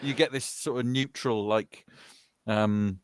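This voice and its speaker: Slow and fairly even in intonation, a medium-pitched voice belongs to a British soldier from Wales in his fifties. He's shooting the breeze with gaming buddies over online voice chat, easygoing and rambling, laughing through his stories.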